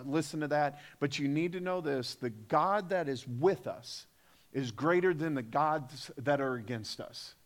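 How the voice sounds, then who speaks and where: Male pastor, sermon, emphatic and repetitive, somewhat high voice. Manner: emphatic preaching with rhetorical questions and repetition. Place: church sanctuary.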